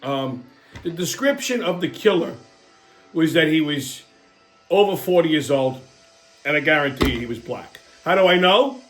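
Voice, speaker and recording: A man's voice: high-pitched, a bit bright. A man hosting, delivering a blunt, profane comedic rant. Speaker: host.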